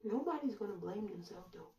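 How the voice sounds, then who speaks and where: A woman commentator delivering a sarcastic monologue full of rhetorical questions and drawn-out pauses. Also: mid-range voice, expressive, a little mellow, recorded from a distance. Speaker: online commentator. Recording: roomy echo, voice away from mic.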